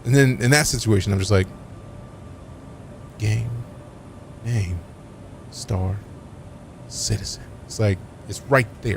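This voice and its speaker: A man's voice: on the low side, slow, creaky, long pauses, slight background noise. A man live-streaming a game, chatting casually with his viewers and joking around with playful, mock-offended trash talk full of slang.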